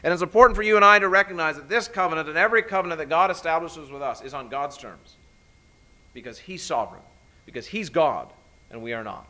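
Animated man preaching a sermon. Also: on the high side, quick pace. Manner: animated, emphatic preaching with frequent restarts. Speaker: pastor.

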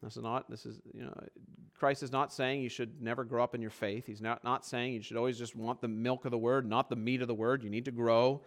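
A pastor preaches a sermon in a level tone, moving between loud, urgent stretches and low, quiet ones. He slows right down on key phrases.

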